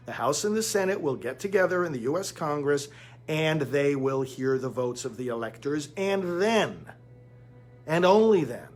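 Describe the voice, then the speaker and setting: A man's voice: on the high side, lively intonation, moderate pace. A man giving emphatic political commentary, insistent and urgent, calling his listeners friends.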